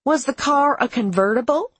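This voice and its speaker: A calm, motherly older housewife, as a woman narrator puts her on, with a gentle, unhurried and slightly raised voice. The reading is close and dry, with a faint husk. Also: sits high, husky, no room sound, pitched above the performer's own voice. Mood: placid.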